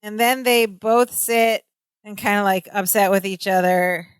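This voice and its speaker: A woman's voice: mid-range voice, fairly even intonation, unhurried, smooth, dry recording. A woman co-hosts a casual podcast in a medium voice and walks through a sitcom episode. She's chatty and teasing. The recording is dry and close. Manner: chatty, teasing, laughs often. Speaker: podcast co-host.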